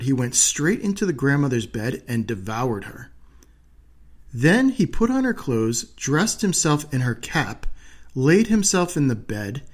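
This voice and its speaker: A man reading a fairy tale aloud in an expressive storytelling manner. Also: mid-range voice. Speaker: narrator.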